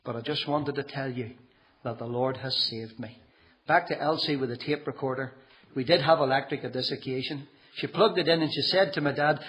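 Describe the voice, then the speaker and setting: A man's voice: medium pitch, a little fast, a bit bright, a little hiss or hum, rough recording. A middle-aged man giving a humorous church testimony, telling a family story and acting out the quotes.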